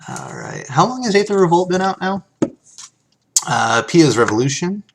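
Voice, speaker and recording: A man's voice: sits high, wildly swooping pitch, normal speed, gravelly, a little hiss or hum. A man casually chatting on a live stream, reading card text aloud and thanking viewers as he opens packs.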